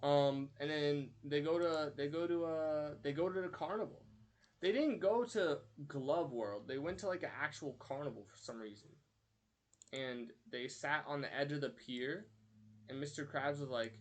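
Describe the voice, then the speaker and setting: A man's voice: mid-range voice, measured pace. Young man rambling on a stream. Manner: rambling storytelling, counting aloud while drawing. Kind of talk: casual live-stream chat.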